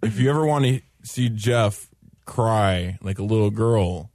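A man's voice: lowish voice, unhurried, a little mellow, dry recording. A man co-hosting a casual podcast, teasing his co-host with a dry humor and easy laughter. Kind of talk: casual chat.

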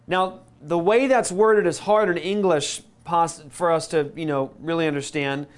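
A man preaching a teaching sermon, emphatic, slowing down and stressing key words, with quick asides in between. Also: on the high side, fairly even intonation. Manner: emphatic, slows down on key words and repeats them. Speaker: pastor.

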